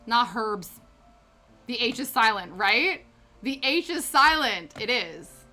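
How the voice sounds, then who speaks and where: A woman's voice: a little high, expressive, measured pace, pushed and bright. A British woman streaming a crafting session, chatting casually and reacting to her chat with frequent laughs. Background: faint background music.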